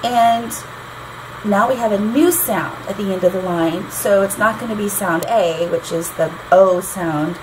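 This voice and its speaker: A woman teaches songwriting in an easygoing, explanatory way, often tapping out the beat of a line aloud. Her voice sits at a middling pitch. A steady hiss of background noise runs under the recording. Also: unhurried. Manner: chatty, tapping out rhythms aloud. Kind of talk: explanatory lesson.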